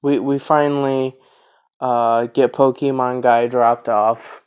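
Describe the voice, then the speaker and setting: A man's voice: medium pitch, flat delivery, slow, darkish tone, clean tone. A man in his twenties telling a story casually, rambling with lots of fillers and restarts. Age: 20s.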